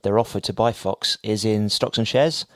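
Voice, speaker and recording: Reading entertainment news off his notes, a male podcast co-host keeps things casual and joking. His voice is fairly low with fairly even intonation and a moderate pace, and there's no echo.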